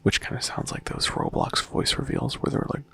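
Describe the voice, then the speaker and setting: A man musing quietly in a casual, rambling way while playing a game, with a lot of vocal fry when he speaks softly. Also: brisk, no echo, soft background music. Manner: soft-spoken, rambling and reflective. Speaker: gaming vlogger.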